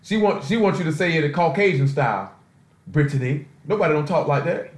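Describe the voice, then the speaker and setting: This fast-talking preacher has a fairly high voice and gives an informal sermon by conference call. He's loose and streetwise, throwing in rhetorical asides, and the audio has a roomy echo.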